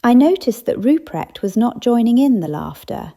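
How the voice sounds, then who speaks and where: A woman narrating a cozy mystery audiobook, giving the characters small lifts in pitch. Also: very animated, normal speed, warm tone. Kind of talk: scripted narration.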